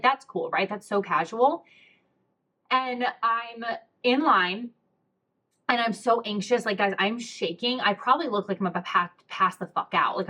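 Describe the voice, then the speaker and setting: A young woman podcast host with a sharp-toned, mid-range voice. She's chatty and candid while telling a personal story, swearing freely and using "like" heavily.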